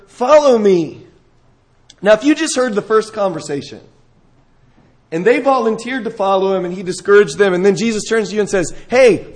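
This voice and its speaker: A man preaching a sermon, reading scripture and talking it through, rising to emphatic peaks and dropping low. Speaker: pastor.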